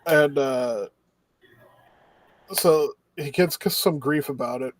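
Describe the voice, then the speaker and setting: A man's voice: fairly high pitch, takes it slowly, a little hiss or hum. A man co-hosting a casual podcast, recapping anime episodes in a rambling way and acting out the characters' lines. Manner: rambling recap with acted-out quotes. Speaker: podcast co-host.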